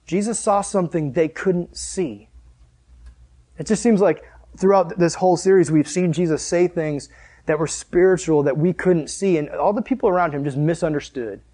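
A man preaching a conversational sermon, animated and speaking straight to his listeners. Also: fairly high pitch, normal speed. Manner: animated storyteller, addresses listeners directly.

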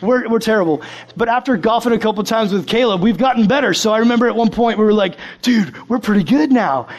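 A man's voice: high voice, quick pace. A young man preaching a casual sermon, telling a personal story with acted-out quotes.

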